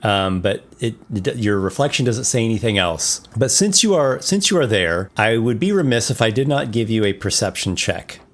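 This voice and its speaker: A man acting as game master, describing a dungeon room in a relaxed, descriptive way with frequent small restarts. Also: on the low side, normal speed, few pauses. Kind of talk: narrating a tabletop game.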